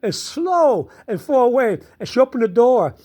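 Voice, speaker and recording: A casual personal storyteller talking through a frustrating day. They speak slowly and loop back over the same phrases again and again. Frequent bursts of laughter run through the telling. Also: medium pitch, sing-song, warm tone. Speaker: storyteller recounting their day.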